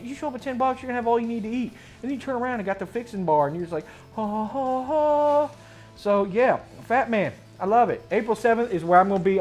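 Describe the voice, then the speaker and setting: Man, fairly high voice, slangy, rambling, excitable, music playing underneath. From Mid-Atlantic United States. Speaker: host. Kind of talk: casual tabletop gaming chat.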